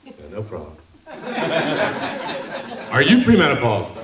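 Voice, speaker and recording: A man's voice: mid-range voice, huge pitch swings, measured pace. Man in his forties doing stand-up in an echoey hall. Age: 40s. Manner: joking, teasing the crowd. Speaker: stand-up comedian. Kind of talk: stand-up set. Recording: echoey hall, mic from far, crowd.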